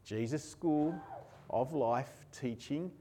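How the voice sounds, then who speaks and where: A man preaching a sermon as pastor, emotional, moving between hushed and raised passages. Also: mid-range voice, slow, slightly rough.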